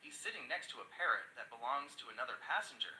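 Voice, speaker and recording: A man's voice: mid-range voice, big pitch swings, quick pace, bright, forceful tone. A man's synthetic voice, chirpy and eager to please, telling jokes and recapping news. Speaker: AI chat assistant. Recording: echoey room with faint noise.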